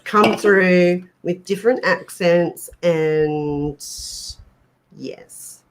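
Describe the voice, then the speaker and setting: A woman's voice: on the low side, drawn-out words. An Australian woman co-hosting a livestream, chatting and bantering playfully with viewers. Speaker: co-host of a paranormal livestream. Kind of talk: casual livestream chat.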